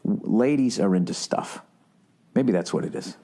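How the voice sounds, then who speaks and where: A middle-aged man with a fairly low voice riffs through a solo podcast monologue. He swears constantly and jumps from tangent to tangent with a sarcastic comic edge. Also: unhurried, warm tone. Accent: Boston. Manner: profane, rambling, sarcastic riffing with put-on quote voices. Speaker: podcast host. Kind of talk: casual comedic monologue.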